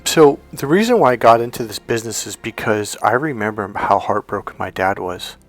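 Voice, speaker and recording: A man's voice: fairly low pitch, brisk, soft background music. A man working as a dating coach, telling personal stories in a casual monologue and acting out the people he quotes. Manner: animated storyteller, acts out quotes.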